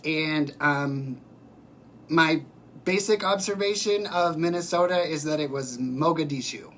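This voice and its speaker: A man's voice: a little high, measured pace, fairly bright tone, slight background noise. A man hosting a casual livestream, reading out viewer comments and answering them by name in a chatty, emphatic way.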